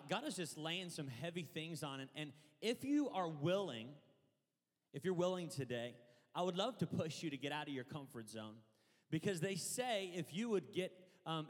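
A man preaching a lively sermon from a church stage, leading loud call-and-response with the crowd. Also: on the high side, moderate pace. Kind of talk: energetic sermon. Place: church auditorium. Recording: long hall reverb.

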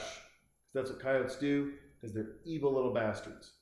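Man hosting a loose comic monologue, rambling, profane, lots of restarts, mid pitch, heavy room echo. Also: normal speed, darkish tone. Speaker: host. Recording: very echoey room.

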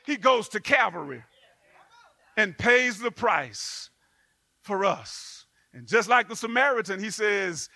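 An animated preacher delivers a sermon in a high, bright voice. His pitch rises and falls a lot, and it jumps into sudden loud bursts. The sound is dry and close. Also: a little slow, gravelly, no echo.

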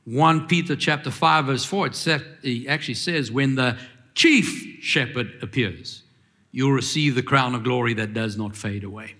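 A man's voice: medium pitch, normal speed, pushed and bright. A man preaching a sermon, asking questions and calling for the congregation's answers, with rising emphatic lines. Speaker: pastor.

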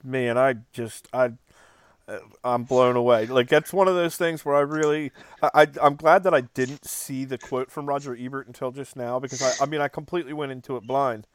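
A man co-hosting a podcast, chatting casually about a film, animated and acting out quotes with lots of "like". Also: medium pitch, fairly quick, clear, resonant tone, no room sound. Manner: animated, acts out quotes, frequent "like". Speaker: podcast co-host.

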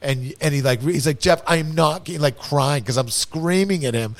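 A man's voice: medium pitch, moderate pace. A man hosting a casual podcast from a bar's back room, telling a long rambling story with lots of swearing. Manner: rambling storyteller, swears a lot, acts out quotes loudly. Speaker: podcast host. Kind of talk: casual chat.

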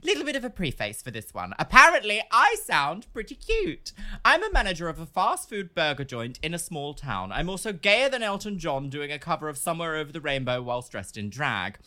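A woman's voice: low voice, a little fast. A woman co-hosting a podcast, reading stories aloud in casual chat and slipping into playful voices. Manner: animated storyteller, slips into playful voices.

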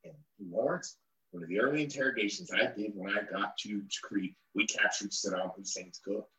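A man's voice: lowish voice, moderate pace, pushed and bright, echoey room, low-quality recording. Man telling a war story with quoted dialogue. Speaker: interview guest, former interrogator. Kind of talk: storytelling in an interview.

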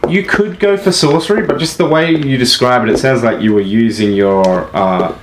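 A man narrating a tabletop game as game master, halting often with filler sounds. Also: mid-range voice. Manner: halting, many filler uhs. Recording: echoey room with noise.

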